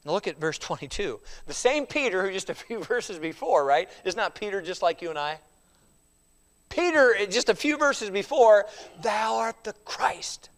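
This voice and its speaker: A man teaching a Sunday school Bible study as pastor, acting out quoted lines with lively feeling and at times dropping to a quiet, confessional tone. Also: high voice, normal speed. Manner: animated, acts out quoted speech.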